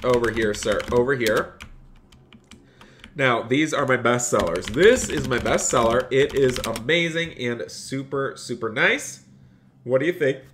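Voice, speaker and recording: A man's voice: medium pitch, measured pace, a bit bright, a little hiss or hum. Upbeat young man doing salesman patter. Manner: reads and thanks chat between lines. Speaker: streamer playing a phone store clerk. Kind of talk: live-streamed game role-play.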